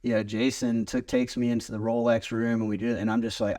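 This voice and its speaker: A man as a podcast guest, telling a long story in a lively, rambling way and swearing freely. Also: medium pitch, quick pace. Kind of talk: casual storytelling chat.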